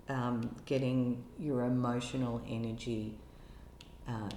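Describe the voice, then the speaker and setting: A woman giving an intuitive tarot love reading in a gentle, musing way, now and then exclaiming with delight. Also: extremely low pitch, slight background noise. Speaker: tarot reader. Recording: echoey room with faint ambience.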